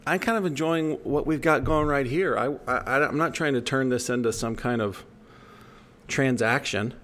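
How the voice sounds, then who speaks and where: A man from the United States telling a long personal story in casual conversation, often restarting sentences and acting out what others said. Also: medium pitch. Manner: rambling, self-correcting, animated when quoting others.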